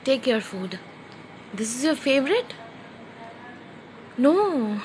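Woman with a high, lively voice cooing at a baby. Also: slow pace, a little hiss or hum. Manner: playful, coaxing, sing-song questions. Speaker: parent talking to a baby. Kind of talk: baby talk.

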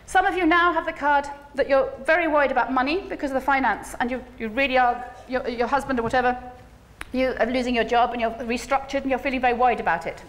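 A woman giving a conference keynote, animated and humorous, coaxing the audience to join in. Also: sits high, fast talker. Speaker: keynote speaker. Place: large conference hall. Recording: echoey hall, faint ambience.

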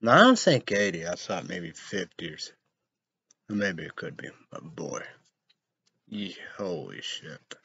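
A man's voice: sits low, lively intonation, measured pace, creaky, bright, forceful tone, husky, dry recording. A young man hosting a casual show, reading news headlines aloud and rambling about them, spelling names letter by letter. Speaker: show host. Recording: dull lo-fi recording.

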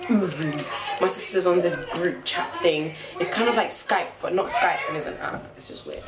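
A woman's voice: lowish voice, moderate pace, poor audio. A tired young woman in her twenties, chatting casually and expressively to a handheld camera for her vlog. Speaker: vlogger. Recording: loud background noise, passing traffic. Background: loud ambient noise and vehicles.

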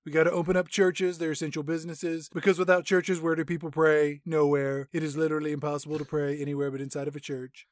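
A man's voice: on the high side, level tone, fast, hardly any pauses, no echo, clean studio sound, lightly acted. A man putting on a pompous, self-serving president who rambles defensively. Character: blustering petty male president, self-serving.

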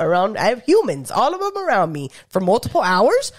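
Woman, podcast co-host; animated casual talker, very lively pitch, close dry mic. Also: fairly quick, hardly any pauses, dry recording. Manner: animated, laughs often, swears casually. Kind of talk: casual chat.

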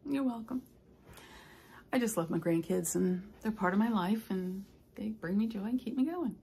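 An older woman, a stitching vlogger, chatting casually and telling rambling stories with soft asides. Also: mid-range voice, moderate pace, breathy edge. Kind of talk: casual chat.

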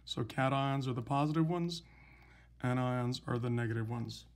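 A man teaching a recorded chemistry lesson, explaining patiently and slowly with some fillers. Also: medium pitch. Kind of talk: recorded lecture, writing examples.

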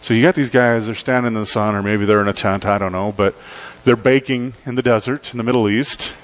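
A male pastor preaching a sermon in a conversational, emphatic way, with dramatic pauses. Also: fairly low pitch, steady tone.

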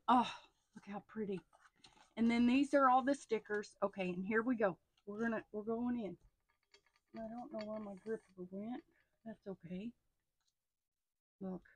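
A middle-aged woman, chatting casually as she unboxes stationery. She gushes with excitement and often drops into hushed asides. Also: mid-range voice, husky, no echo. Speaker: stationery haul vlogger.

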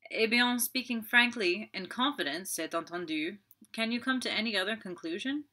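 A woman's voice: medium pitch, moderate pace, bright, forceful tone, pitched above the performer's own voice. A woman reading a pompous French magistrate. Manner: pompous, sighing, chatty. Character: fussy self-satisfied older French magistrate, man.

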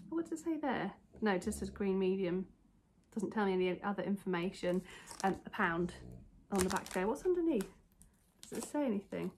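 Woman, casual haul vlogger, chatty and rambling, faint noise in the room. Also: medium pitch. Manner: rambling, self-interrupting, talks to viewers. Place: home, indoors. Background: faint dog snoring.

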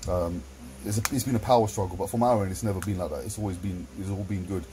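Blunt, low-voiced man. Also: fast talker, mellow, low-quality recording. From London. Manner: blunt and heavy with swearing. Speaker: vlogger. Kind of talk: casual monologue to camera.

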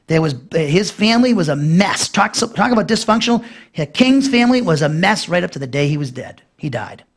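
A man preaching an expository Bible lesson, emphatic and repetitive, pushing his voice up for stress and dropping low to close each point. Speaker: pastor teaching a Bible class. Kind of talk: expository sermon.

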